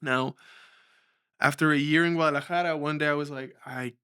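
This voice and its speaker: A man's voice: a little high, moderate pace, smooth, no echo, clean studio sound. A young man from Mexico, a filmmaker guest on an interview podcast, telling his life story with energy and acting out the voices of the people in it. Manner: animated storyteller, acts out quoted dialogue.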